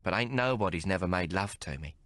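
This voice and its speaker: A man voicing a coarse, affectionate young working-class woman with rough, teasing speech in a storybook reading. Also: low voice, lively intonation, a little fast, fairly bright tone, no echo, studio quality. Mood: intimate.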